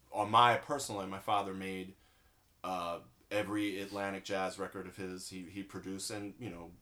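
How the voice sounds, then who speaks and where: A chatty male co-host with a bright, forward voice, telling loose, rambling stories and introducing the next segment. His delivery is relaxed and conversational, with easy laughter. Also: low-pitched. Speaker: podcast co-host. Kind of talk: casual chat.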